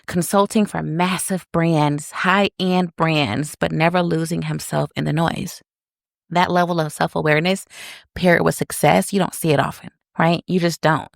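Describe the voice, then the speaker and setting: A woman podcast host tells a personal story with lively energy, calling her listeners y'all. Her voice sits a little low, and the sound is dry and close with no room echo. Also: normal speed, gravelly. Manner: animated, addresses listeners as y'all.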